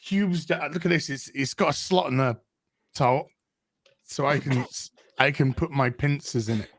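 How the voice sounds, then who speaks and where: A man's voice: mid-range voice, moderate pace, slight background noise. A man in casual chat as a podcast panelist, joking around and slipping into a mock posh voice, talking over a video call from home. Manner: jokey, playful posh put-on asides.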